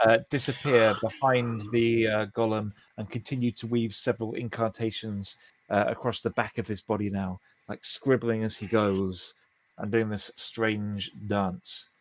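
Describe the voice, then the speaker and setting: A man running a tabletop role-playing game, narrating the action with lively energy. He slips into quick, squeaky character voices now and then. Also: a little hiss or hum, low-quality recording. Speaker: game master.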